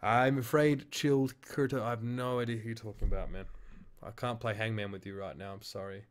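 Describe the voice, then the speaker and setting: A man's voice: fairly low pitch, steady tone, fairly quick. A man with an Australian accent, an esports caster casually reviewing his own casting, frank, swearing freely and mocking himself.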